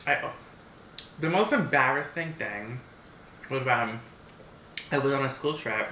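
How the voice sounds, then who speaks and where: Casual vlogger, male, around 30, bright voice, rambling storyteller, echoey home recording. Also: mid-range voice, unhurried, a little hiss or hum. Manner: rambling storyteller, many restarts and fillers. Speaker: mukbang vlogger. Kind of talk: casual chat. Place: home, seated eating at a table. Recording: roomy echo.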